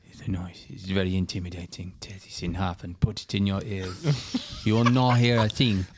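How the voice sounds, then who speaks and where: A man imitating an older golf legend, a playful prankster, in a hushed, breathy, confiding while telling an anecdote. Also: low voice, fairly even intonation, moderate pace, noisy background, close to an everyday voice. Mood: teasing. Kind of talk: anecdote impression.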